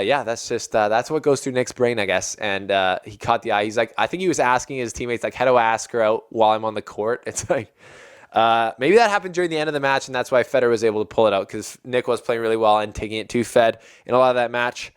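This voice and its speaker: A man hosting a casual tennis recap video, chatty and excitable and often breaking into laughter. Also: medium pitch, quick pace, clean tone.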